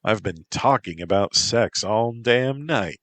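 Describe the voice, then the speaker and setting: A man's voice: on the low side, lively intonation, slow pace, a bit bright, voice pushed up. A man voicing a brash, bawdy young woman who talks in a blunt, brassy way.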